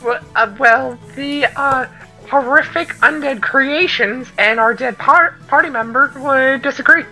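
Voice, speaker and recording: A woman's voice: sits high, measured pace, pushed and bright, soft background music, rough recording. A woman playing a tabletop game who makes playful, sarcastic quips. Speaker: player.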